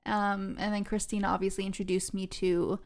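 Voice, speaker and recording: A woman's voice: mid-range voice, flat delivery, brisk. A young woman from England with a faint English accent, a podcast guest chatting casually and laughing easily. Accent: faint English, mostly Canadian. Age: young adult. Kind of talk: casual chat.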